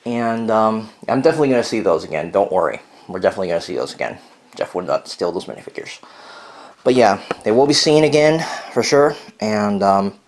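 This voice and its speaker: A young man hosting a casual weekly vlog update, rambling with lots of fillers and self-corrections while chewing gum. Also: on the low side. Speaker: vlog host. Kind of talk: casual chat to viewers.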